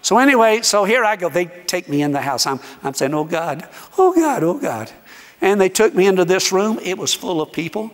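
A man preaching as a guest speaker, telling a story in an animated way and acting out the dialogue. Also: high-pitched. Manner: animated, acts out dialogue, dramatic pauses. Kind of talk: sermon storytelling. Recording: echoey hall reverb.

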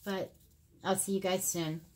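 A middle-aged woman talks casually to her viewers at home, comparing makeup in a rambling, filler-heavy way. Her voice sits on the low side for a woman. A faint hiss runs underneath. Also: little pitch movement, a little slow, a little mellow. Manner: chatty, rambling, many fillers. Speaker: beauty vlogger. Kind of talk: casual makeup review to camera. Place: home filming room.

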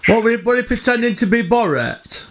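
A man hosting a relaxed interview, mostly offering brief prompts and questions. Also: very high voice, normal speed, background noise. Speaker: interview host. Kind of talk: casual interview.

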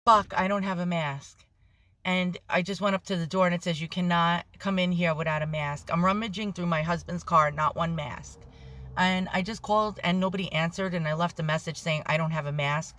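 A woman vlogging on her phone from inside a parked car, rambling anxiously, swearing a lot and talking loudly when nervous. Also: on the low side, steady tone, fairly quick. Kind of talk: nervous selfie vlog.

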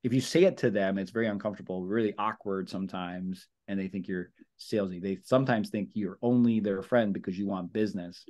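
A low-pitched man speaks briskly and barely pauses while coaching real estate agents at a team meeting. He's energetic and casual, says things again and again, demonstrates sample phone calls, and refers to listeners as "guys" and "brother."

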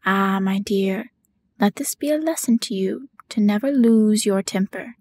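A woman's voice: mid-range voice, unhurried, a little mellow, breathy edge. A woman voicing a preachy old mother crab in a whispered role-play, moralizing.

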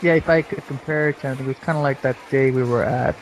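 A man's voice: mid-range voice, fairly even intonation, rapid-fire, slight background noise, low-quality recording. A man co-hosting a casual chat, laid-back and laughing easily. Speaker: co-host. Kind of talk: casual chat over match footage.

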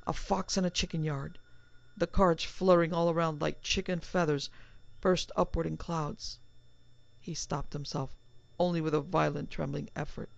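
Gravelly woman narrating a horror story. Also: sits low, fairly even intonation, moderate pace, no room sound. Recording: slightly dull, dry recording.

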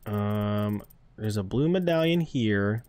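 A man streaming a horror game, chatting casually with his viewers and swearing and yelling when the game startles him. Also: fairly low pitch, slow pace, clean tone. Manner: excitable, swears and yells at the game; chats with his chat between gameplay. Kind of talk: casual live-stream commentary. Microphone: streaming microphone close to his face.

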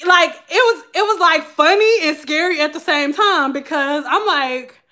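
Animated high-voiced woman storyteller. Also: normal speed. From Detroit. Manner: animated, profane, laughing as she tells it. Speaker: vlogger. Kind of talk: casual storytelling.

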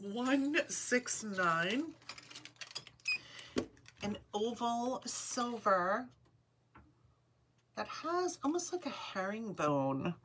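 A woman's voice: medium pitch, breathy edge. A woman hosting a live online jewelry sale, chatting upbeat and calling out item numbers. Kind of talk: live shopping stream chat.

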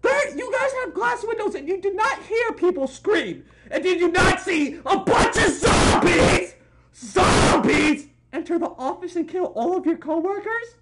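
Filmed at home on a noisy recording, this comedic reaction video features a woman host who's loud and incredulous, swearing and shouting. Her intonation is lively and her pace measured, and she drops low then leaps high again to land each joke.

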